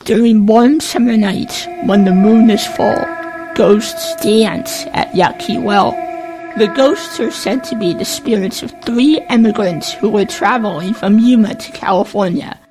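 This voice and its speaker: A woman giving a measured, scripted narration of desert ghost legends. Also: medium pitch, rough recording. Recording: faint music underneath.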